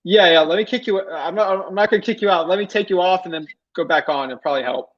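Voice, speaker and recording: A man hosting a live stream over a video call, speaking in a relaxed, casual way. His voice sits a little high. The audio is dull and lo-fi. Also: fast talker. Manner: casual, relaxed, apologetic about tech trouble. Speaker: host.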